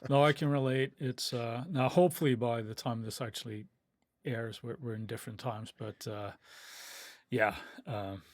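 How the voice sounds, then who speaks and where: A man co-hosting a podcast, relaxed and joking, who wanders a little as he makes his points. His voice sits at a middle pitch. The sound is dry and close. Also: normal speed, no echo. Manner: laid-back, joking, meandering. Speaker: podcast co-host. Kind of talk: casual chat.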